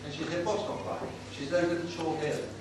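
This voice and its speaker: A man's voice: a little high, steady tone, lightly acted. A man doing a cheeky old-time music-hall comic. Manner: brisk patter, lots of "I said, he said". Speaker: tribute act comedian. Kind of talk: live stand-up with saucy gags. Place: live venue with an audience. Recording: roomy and distant with loud noise.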